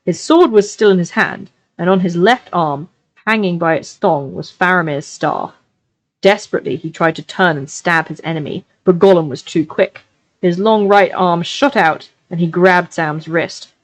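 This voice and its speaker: A woman reads a novel aloud on a live stream with an expressive delivery. Her voice sits somewhat low, and she slows down and draws out the dramatic passages. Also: poor audio. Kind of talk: live-streamed book reading.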